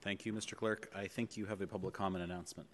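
Deep-voiced guy chairing a board meeting, lots of ums, big echoey chamber. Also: fairly even intonation, slight background noise. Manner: measured, with frequent ums and uhs. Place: legislative chamber in city hall. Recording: long reverb of a large chamber.

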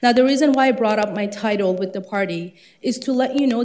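A woman's voice: a little high, brisk, darkish tone. A woman in her thirties from Iran, earnest and slightly out of breath, giving a public comment at a city council meeting. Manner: earnest, impassioned.

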